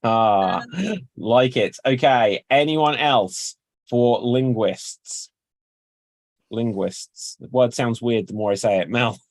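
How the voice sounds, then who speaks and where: Male improv host, unhurried delivery, dry sound, chuckles at puns. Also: medium pitch, dry recording. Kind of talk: casual improv hosting.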